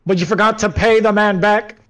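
A man's voice: high-pitched, steady tone, brisk, fairly bright tone. A man playing a swaggering, hungover brawler who lectures people in macho bro talk.

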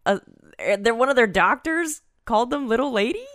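A woman's voice: a little high, lively intonation, normal speed, fairly bright tone, no room sound, clean studio sound. A woman in her thirties co-hosting a podcast, telling stories in a wry, giggly, casual way. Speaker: podcast co-host. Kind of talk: casual chat.

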